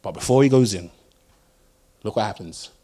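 A young man preaching a sermon, telling stories in an animated way and swinging between loud bursts and hushed lines. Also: on the low side, moderate pace. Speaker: pastor.

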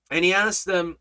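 Man, Bible study teacher, preaching, bright tone, fairly high, emphatic, repeats himself. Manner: emphatic, repeats words, swings loud and soft.

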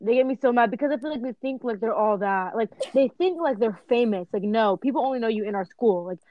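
A woman talks fast in casual podcast chat, her slightly high voice tumbling through filler words. The sound is dry and close, with no room around it. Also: expressive, no room sound, highs cut off. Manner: rambling, full of "like". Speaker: podcast co-host.

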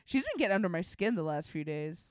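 A young woman co-hosting a podcast in casual chat, profane and animated, laughing often as she tells stories. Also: on the low side, quick pace, clear, resonant tone, dry recording, clean studio sound. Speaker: podcast co-host.

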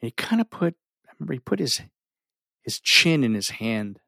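Middle-aged man, heartfelt storyteller on the edge of tears, mid-pitched, dry recording. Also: sing-song, normal speed, gravelly, sharp tone, dry recording. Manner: earnest, emotional, often drops to near a whisper. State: holding back tears. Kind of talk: personal story told to an audience.

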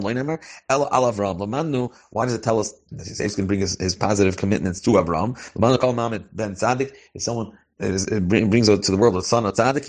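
A man teaching a religious text line by line, each phrase with a pronunciation and then translating and explaining it. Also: medium pitch. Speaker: Torah teacher. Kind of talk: line-by-line text study, mixing Hebrew and English.

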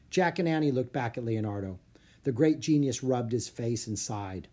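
A reader narrating a children's storybook aloud with an expressive, lively delivery. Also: mid-range voice, moderate pace. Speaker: audiobook reader.

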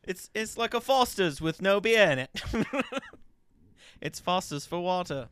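Laughing, unhurried male co-host. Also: sits high, sing-song, a bit bright, smooth. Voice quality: laughs often, playful. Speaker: podcast co-host. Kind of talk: casual comedic chat.

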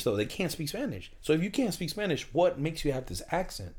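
A man's voice: a little high, big pitch swings, brisk, darkish tone. A man in casual podcast chat, ranting emphatically and swearing freely.

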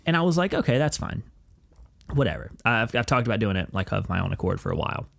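A man co-hosting a podcast, telling a story in casual, animated chat full of swearing. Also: lowish voice, rapid-fire, vocal fry. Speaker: podcast co-host.

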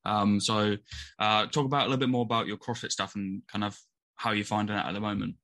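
A man with a somewhat low voice hosts a relaxed podcast conversation. He asks rambling, chatty questions and adds his own views along the way. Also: quick pace. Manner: chatty, filler-heavy questions. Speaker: podcast host. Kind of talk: casual interview chat.

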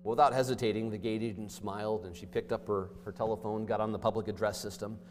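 A man preaching a sermon as pastor, with emphatic delivery that swings between loud stresses and hushed asides. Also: on the low side, fairly even intonation, quick pace. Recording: long hall reverb.

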